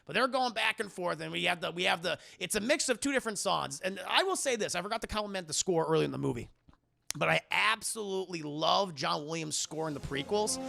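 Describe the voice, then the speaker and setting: Crude rambly guy doing a film review stream, very gravelly voice, lively pitch. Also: quick pace. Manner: crude, profane, laughing, rambling. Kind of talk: casual spoiler film review.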